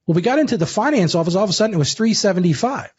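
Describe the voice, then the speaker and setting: Guy with a high husky voice telling stories all casual, kinda dull lo-fi sound. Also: rapid-fire. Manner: lively, casual, addresses listener as dude. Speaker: guest. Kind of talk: animated storytelling.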